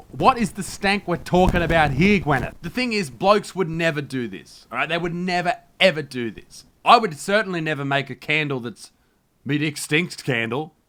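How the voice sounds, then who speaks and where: Brash, bright-voiced Australian man ranting. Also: on the high side, slight background noise. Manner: loud, brash and crude ranting. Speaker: comedy vlog host. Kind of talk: mock news comedy rant.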